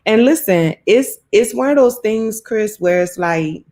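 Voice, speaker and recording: A woman's voice: fairly high pitch, expressive, a little slow, dark tone. A woman from New Orleans with a New Orleans accent, chatting casually with viewers on a live stream and often laughing. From New Orleans, USA. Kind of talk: casual live chat reading comments. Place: South Florida home.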